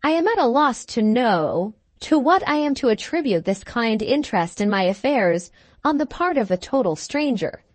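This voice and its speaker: Haughty society lady, voiced by a woman, raised high pitch, icy then indignant, dry close sound. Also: very animated, moderate pace, a little mellow, no room sound. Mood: coldly polite. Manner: politely cold, then shrill and indignant.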